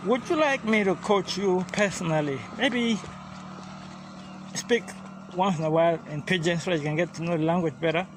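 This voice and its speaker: A chatty man walks down a street as he teaches. His voice sits a little higher than most men's, and he keeps the tone loose and friendly. Faint street noise drifts in around him. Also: moderate pace. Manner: easygoing and chatty, mixing in pidgin greetings. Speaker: language coach. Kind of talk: casual vlog lesson. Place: outdoors on a street, walking.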